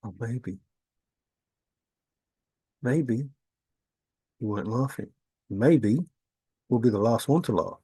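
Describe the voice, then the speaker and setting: A video blogger giving a rambling spiritual monologue, talking in an intense, repetitive way and swearing. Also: male voice, mid-range voice, slow pace, long pauses, dark tone, slightly rough, no room sound.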